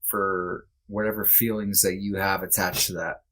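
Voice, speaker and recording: A man's voice: sits low, level tone, sharp tone. A man guesting on a podcast, speaking candidly and reflectively with many restarts. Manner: earnest, halting, reflective with restarts. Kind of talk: candid conversation.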